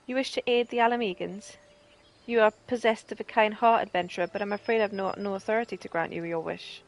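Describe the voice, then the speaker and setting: A woman's voice: medium pitch, steady tone, fast, lightly acted. Woman doing a solemn village healer. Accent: Northern English. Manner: solemn, stately.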